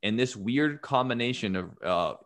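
A man's voice: medium pitch, moderate pace. A man casually retelling history on a podcast, swearing freely and acting out what people said. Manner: profane, animated retelling with acted-out quotes. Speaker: podcast host telling history. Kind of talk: casual storytelling chat.

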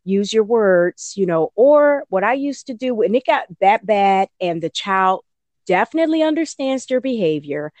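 A woman educator chats through an interview with animated, easygoing speech. She slips into high, playful voices when acting out how she talks to children. The recording is dry and close, with no room sound. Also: moderate pace, dry recording. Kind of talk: casual interview answers.

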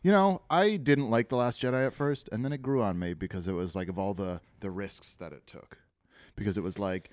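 A man's voice: sits low, normal speed, no room sound. A young man co-hosting a podcast with his girlfriend, joking and riffing in casual chat. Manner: jokey, animated, riffing. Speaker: podcast co-host.

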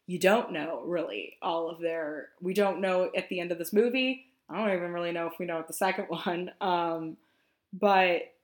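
A woman's voice: mid-range voice, a bit bright. A young adult woman hosting a casual movie podcast, chatty and rambling, laughing often. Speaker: podcast host.

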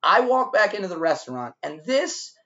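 A man's voice: high-pitched, normal speed, dull audio. Profane man telling a bar story. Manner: animated, profane, acts out shouting in quotes. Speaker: podcast co-host. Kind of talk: casual storytelling over drinks.

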